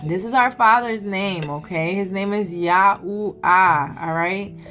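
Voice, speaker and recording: A woman's voice: medium pitch, normal speed, over music. A woman vlogger giving a preachy bible study talk, often checking in with "okay?". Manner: preachy, keeps asking "okay?".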